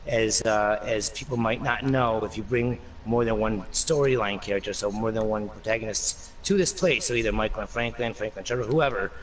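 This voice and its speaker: A man guesting on a casual gaming discussion, thinking aloud with lots of fillers. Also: fairly low pitch. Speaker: guest panelist. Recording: distant mic with faint noise.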